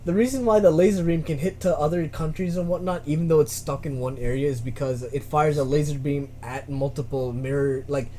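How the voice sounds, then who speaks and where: Young guy hosting a home podcast, laughs a lot, trips over words, highish voice, mic volume all over. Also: brisk, hardly any pauses, a little hiss or hum. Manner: animated, laughs often, stumbles over words. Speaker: podcast host. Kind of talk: casual podcast chat. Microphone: home microphone, uneven volume.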